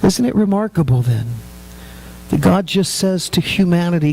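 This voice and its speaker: A man's voice: fairly high pitch, moderate pace, a little mellow. A middle-aged man, a pastor, preaching a sermon in a humorous, conversational way.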